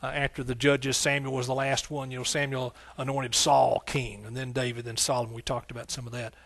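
A man's voice: medium pitch, flat delivery, a little fast, creaky, fairly bright tone, no room sound. A man preaching a sermon, fervent and rhythmic, repeating phrases, calling out hallelujah and talking folksily to the congregation. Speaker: pastor.

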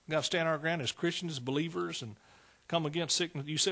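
A man's voice: a little high, quick pace, vocal fry, pushed and bright. A man preaching a fervent sermon, calling out to his congregation.

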